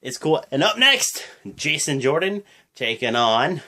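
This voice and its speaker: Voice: mid-range voice, sing-song, unhurried, sharp tone. Rambling casual wrestling recap vlogger. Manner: rambling, filler-heavy, loose and chatty.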